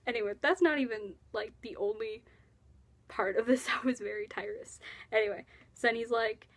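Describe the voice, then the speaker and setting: A woman's voice: on the high side, moderate pace. Giggly young woman gushing about a show. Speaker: vlogger. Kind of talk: casual fan commentary.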